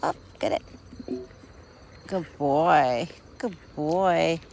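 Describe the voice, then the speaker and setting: A woman's voice: low voice, extremely slow, creaky, background noise. A woman in her thirties chatting casually outdoors while feeding a deer, cooing baby talk at it. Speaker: vlogger feeding a wild deer. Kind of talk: casual chat. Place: outdoors in a yard at dusk. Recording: outdoor phone recording, crickets. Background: crickets and insects.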